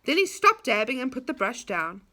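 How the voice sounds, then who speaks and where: Animated woman reading a children's story. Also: on the high side, a little fast. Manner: expressive, animated.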